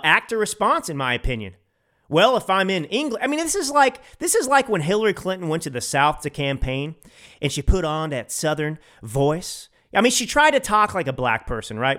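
A man's voice: a little high, bright, forceful tone. A man hosting a podcast and delivering solo political commentary in an emphatic, opinionated way, repeating phrases for stress. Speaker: podcast host.

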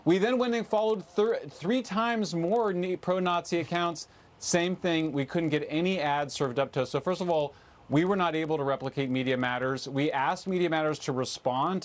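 A man speaking as a guest in a TV interview, earnest and emphatic. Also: fairly high pitch.

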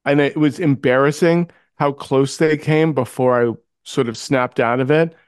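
Speaking at a moderate pace, a man with a clean, mid-range voice tells a story in casual podcast conversation, lively and imitating each character's voice. The studio recording is clean, with no echo.

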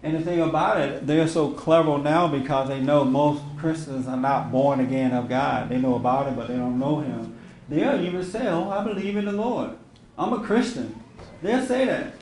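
A man's voice: mid-range voice, moderate pace, a little mellow, slight background noise. A man hosting a radio talk show, preaching with emphatic rhetorical questions and mocking quotes. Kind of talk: preaching commentary to a live audience.

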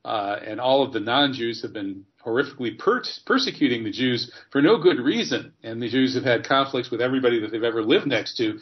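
Male host, mid-pitched, deliberate delivery with repeated words, dull low-fi sound. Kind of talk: casual conversation. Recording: dull lo-fi audio.

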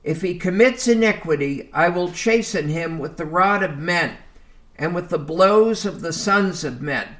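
A man teaching a Bible lesson, reading verses aloud and explaining them deliberately, often calling his listeners folks. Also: high-pitched, animated, a bit bright. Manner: slow, deliberate, reads scripture aloud and explains it.

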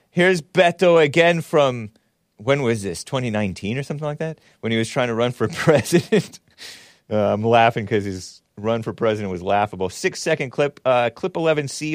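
A man's voice: medium pitch, no echo, studio quality. A man hosting a podcast, delivering mocking, sarcastic political commentary and laughing at his own jabs. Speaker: podcast host.

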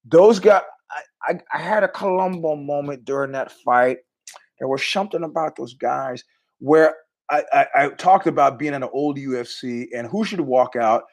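Animated, laughing man hosting a podcast. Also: fairly high pitch, normal speed. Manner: animated storyteller, laughs often, swears freely. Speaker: podcast host. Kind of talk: casual rambling commentary.

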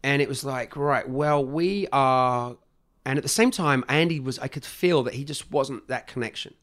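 An English man speaking as a guest on a podcast, telling stories in an animated way and acting out the voices of other people. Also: mid-range voice, moderate pace. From England. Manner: animated, acts out quoted voices. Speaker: guest, skateboard company founder. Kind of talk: casual podcast storytelling.

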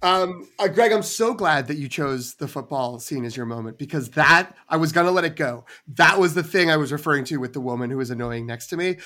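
Animated man retelling film scenes. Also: fairly high pitch, brisk, few pauses. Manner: animated storytelling with quoted voices. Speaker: podcast co-host. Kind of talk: casual film review chat.

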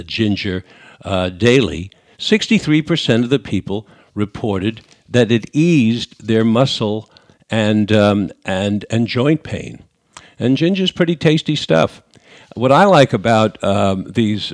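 A man's voice: fairly low pitch, dry recording, clean studio sound. An older man from New York with a New York accent, hosting a radio call-in show and talking in a conversational way with many fillers and restarts. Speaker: radio talk show host. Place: radio studio.

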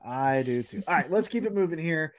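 A man co-hosting a casual podcast, recapping wrestling and acting out quotes in a higher voice. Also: a little fast, crowd noise. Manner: animated storytelling, acts out quotes in higher voice. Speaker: podcast co-host.

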